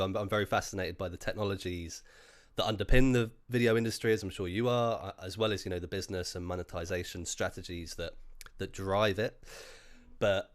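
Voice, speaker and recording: A man hosting a casual video interview, congested from a cold and sounding nasal, chatty and joking with lots of fillers. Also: fairly low pitch. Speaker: podcast host and interviewer.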